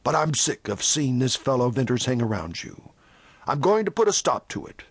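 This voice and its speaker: A man reading as a hard, curt frontier church elder in a storybook western, clipped and commanding. The pitch moves a good deal, and the recording is close and dry. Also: big pitch swings, normal speed, slightly rough, no echo. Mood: stern. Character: stern tall dark male church elder.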